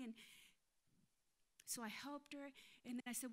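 Woman pastor preaching, bright high-ish voice, acts out all the voices in her story. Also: a little fast. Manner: animated, acts out inner voices and quotes. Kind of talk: sermon with storytelling.

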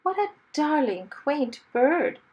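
A woman's voice: high-pitched, very animated, slow, muffled recording, voice pushed up, exaggerated voice. Woman doing a sweet gracious princess. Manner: sweet, gentle questions.

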